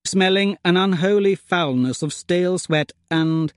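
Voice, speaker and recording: A man narrating a comic adventure in the first person, with plummy, gentlemanly turns of phrase. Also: high voice, unhurried, clear, resonant tone, no echo, clean studio sound. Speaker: audiobook narrator.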